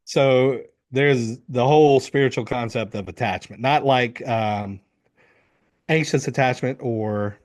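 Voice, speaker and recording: A man's voice: medium pitch, a little slow. A middle-aged man, a men's coach, telling a story in an interview, acting out what people said and swearing freely. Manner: animated, acts out quotes, swears freely.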